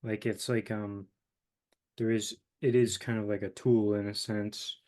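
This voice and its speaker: Brief: young male host, lowish pitch, halting, filler-heavy philosophical chat. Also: little pitch movement, a little mellow. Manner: halting, searching for words, many fillers. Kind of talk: casual philosophical conversation.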